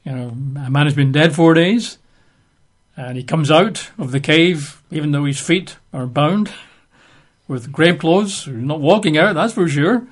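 A fairly high-pitched man teaches from scripture. He reads the passage aloud, then breaks off into relaxed, conversational asides to explain it. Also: measured pace. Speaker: preacher. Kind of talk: casual Bible teaching.

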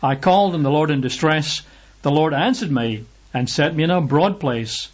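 A man's voice: on the high side, moderate pace, slightly rough, highs cut off. A man preaching a sermon and reading Bible verses aloud, stressing his points by repeating phrases.

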